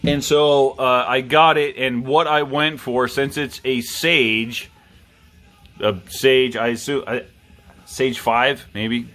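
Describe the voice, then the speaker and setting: A man who has clearly had a few drinks hosts his own review video. He drawls slowly, swears constantly and cracks jokes at his own expense. Faint music plays somewhere behind him. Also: mid-range voice, fairly even intonation, a bit bright. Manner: drunk, rambling, profane, self-mocking. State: tipsy. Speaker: knife review vlogger. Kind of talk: rambling casual chat.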